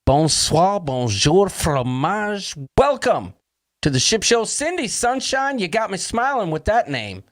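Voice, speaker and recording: A man's voice: high-pitched, huge pitch swings, normal speed, a bit bright. A man hosting a casual livestream chat, jokey and upbeat, reading out viewers' names and throwing in puns. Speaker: host.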